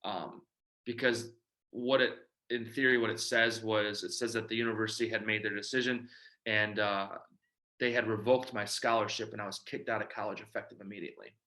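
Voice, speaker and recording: A man from Michigan speaks to a room about his own recovery. His voice sits a little low but rings bright and forceful. He tells his story and acts out each exchange. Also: steady tone, fairly quick. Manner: storytelling, acts out quoted dialogue. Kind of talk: personal testimony talk.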